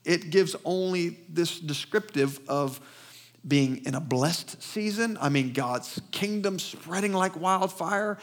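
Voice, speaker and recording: A man with a Southern US accent delivers a sermon in a church, with a voice pitched a little above the usual for a man. He talks fast and with emphasis, and he keeps calling on the congregation to answer him. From Southern United States. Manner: emphatic, with call-and-response to the congregation; fast-talking. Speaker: preacher. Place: church sanctuary.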